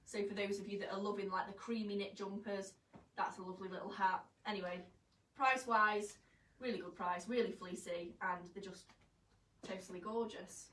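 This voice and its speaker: A woman's voice: mid-range voice, steady tone, moderate pace, a bit bright. Chatty woman presenting fashion live. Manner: chatty, jokey and self-mocking. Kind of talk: live fashion vlog chat. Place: shop studio, indoors. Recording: roomy, distant, faint background hum.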